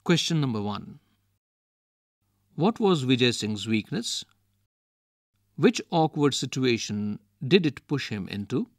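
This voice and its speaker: A man with an Indian English accent reads a schoolbook story slowly. His intonation rises and falls a great deal. The recording is dry and close. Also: mid-range voice, sing-song, no room sound. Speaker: lesson narrator. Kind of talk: reading a textbook story aloud.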